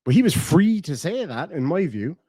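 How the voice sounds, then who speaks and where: A man's voice: a little high, sing-song, normal speed, dark tone, husky, no echo, studio quality. A man with a southern Irish accent chatting casually on a livestream, blunt and profane. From Ireland. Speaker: streamer.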